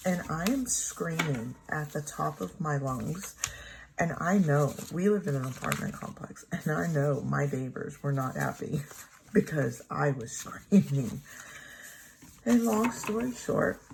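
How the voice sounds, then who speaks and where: A middle-aged woman tells a long personal story in a loose, rambling way while she decorates her planner. Her voice sits low and has a gravelly edge, and she laughs often. A faint hiss runs under the recording. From Texas. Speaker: planner vlogger.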